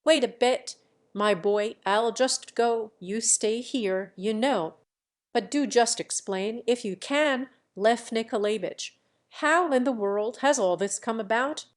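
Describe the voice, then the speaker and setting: A woman's voice: a little high, slow pace. A woman voicing an agitated older male general who speaks in a flustered, pleading way.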